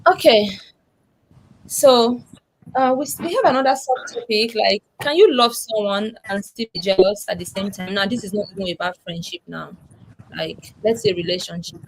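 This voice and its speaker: A woman hosts a casual live-streamed talk with an animated, chatty delivery. She reads viewer comments aloud and puts questions to her guests. Faint noise sits behind her voice. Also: mid-range voice, moderate pace, rough recording. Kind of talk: casual panel chat.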